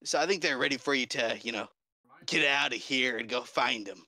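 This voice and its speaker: A man voicing a scheming female rogue, bluffing with lots of fillers and pauses. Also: medium pitch, sharp tone, no echo. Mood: coaxing. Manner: halting, filler-heavy bluffing. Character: scheming female rogue adventurer, smooth-talking.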